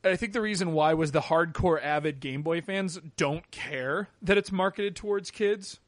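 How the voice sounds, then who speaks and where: American man, podcast co-host, slightly high voice, playful and loose. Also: dry recording. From United States. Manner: joking, playful, quick asides. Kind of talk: casual chat.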